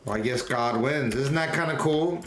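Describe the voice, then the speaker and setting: A man's voice: medium pitch, normal speed, a little hiss or hum. A young man chatting casually on a late-night stream from his home, rambling and goofy, laughing often and getting tired. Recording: echoey room, faint keyboard typing.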